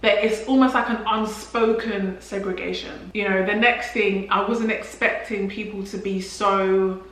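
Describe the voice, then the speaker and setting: A woman's voice: medium pitch, fairly even intonation, measured pace, hardly any pauses, a bit bright. A young woman from London with a London English accent, chatting casually to her viewers with lots of "like" fillers and restarts. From England. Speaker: vlogger. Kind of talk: casual chat to camera. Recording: very echoey room.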